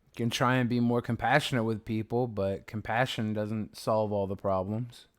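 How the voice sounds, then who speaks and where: A man's voice: fairly low pitch, steady tone, normal speed. A man hosting a livestream, chatting casually with his viewers in a rambling, profane, sarcastic way. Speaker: livestream host. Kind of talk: casual livestream chat reading viewer comments.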